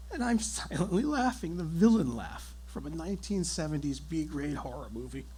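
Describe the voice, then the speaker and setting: A man tells a comic story live on stage with theatrical flair. His voice is gravelly and husky, swinging widely in pitch as he builds each moment. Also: a little mellow.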